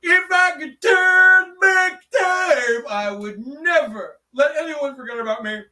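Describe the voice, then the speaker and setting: A man putting on a high, dramatic woman diva voice as a famous singer in an improv scene. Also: animated, a little fast, a bit bright, echoey room, far from the mic.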